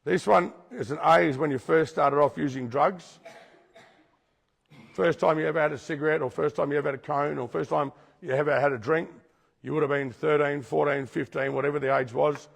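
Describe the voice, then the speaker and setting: Gravelly, husky man preaching in a hall. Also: fairly high pitch, fairly even intonation, brisk. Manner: repetitive, questions the audience directly. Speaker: speaker teaching a recovery group. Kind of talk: preaching-style talk to a group. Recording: long hall reverb.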